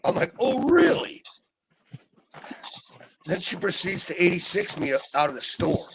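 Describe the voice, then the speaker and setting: A man's voice: high-pitched, fairly quick, very noisy. A man telling a story in casual chat, profane and fuming, in a rambling rant. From Southern Oregon coast, USA. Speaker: livestream chat participant. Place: trailer park home.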